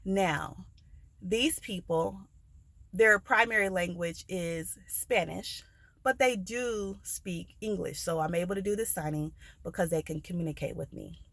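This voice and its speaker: Expressive American woman telling a story. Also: fairly low pitch, unhurried, dry recording. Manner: animated, expressive retelling with voiced quotes. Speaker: notary vlogger. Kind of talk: casual storytelling vlog.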